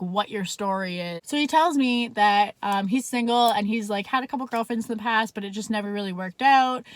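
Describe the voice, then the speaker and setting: A woman's voice: medium pitch, dry recording. Chatty young woman telling a story. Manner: chatty, fills speech with "like", swears freely. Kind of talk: casual storytime vlog.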